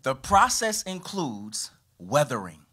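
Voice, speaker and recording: Animated man preaching a sermon. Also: takes it slowly, breathy edge. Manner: animated preaching with sweeping pitch and volume. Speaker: pastor. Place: church.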